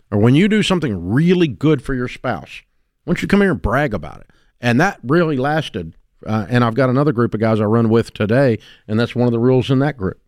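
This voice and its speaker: An older man hosting a call-in advice show in a dry, close studio sound. His voice is mid-pitched, and his folksy talk swings from loud cheering to quiet, soft asides. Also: no room sound. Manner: emphatic, folksy, swings between booming and hushed. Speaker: radio show host. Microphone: studio microphone.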